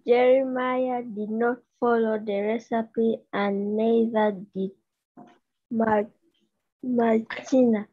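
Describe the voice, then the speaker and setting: A woman's voice: a little high, little pitch movement, slow pace. A young pupil reading sentences aloud for her teacher, careful and hesitant. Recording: tinny phone-like video call line.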